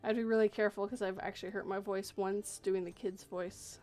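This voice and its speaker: Woman host, horror story reader, casual chatter, middle pitch, laughs often. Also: flat delivery, a little fast, darkish tone, soft background music. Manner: clears throat often, laughs a lot while chatting. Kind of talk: reading a horror story, then casual chat.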